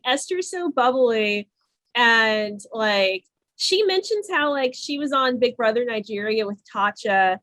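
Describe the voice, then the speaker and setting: A woman's voice: mid-range voice, no echo. A woman co-hosting a podcast, gushing in casual chat about a reality show, full of "like" fillers. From United States. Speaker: podcast co-host.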